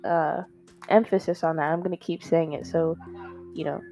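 A young podcaster talks at normal speed in a mellow, low-pitched voice with a steady tone. She rambles through a candid confessional monologue into her microphone, heavy on fillers and with some swearing. Behind her, faint guitar music sits in dull lo-fi audio.

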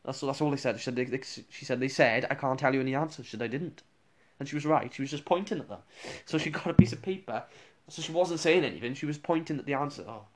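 A man's voice: mid-range voice, fast, hardly any pauses. A man, a radio presenter, casually rambling through funny school anecdotes with restarts and chuckles.

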